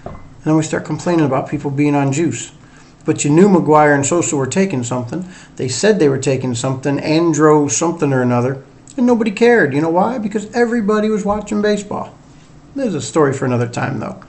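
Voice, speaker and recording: A middle-aged man with a blended Northern and Southern US drawl hosts a solo sports podcast in a casual, rambling, self-deprecating manner. His voice is a little high, creaky, and slightly mellow, and he talks fairly quickly.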